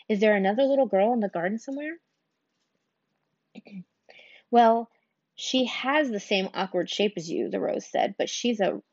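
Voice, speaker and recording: A woman reading a children's storybook aloud, unhurried, now and then stumbling and restarting a word. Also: mid-range voice, a little mellow, no room sound, dull audio. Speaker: reader.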